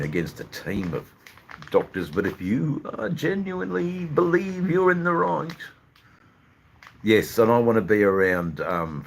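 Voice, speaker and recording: Australian man, very low bass voice, live-stream host, casual rambling chat, lots of fillers. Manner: rambling, hesitant, full of fillers. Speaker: livestream host.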